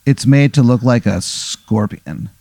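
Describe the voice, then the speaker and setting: A man improvising a comic story in a loose, rambling, profane way. His voice is mellow and dark. The recording is dry and close. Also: mid-range voice, a little slow, no echo.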